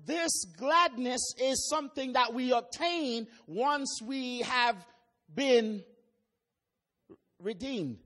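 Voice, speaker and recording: Jamaican male preacher, very high voice, reads scripture slowly with sudden loud calls. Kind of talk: sermon with scripture reading.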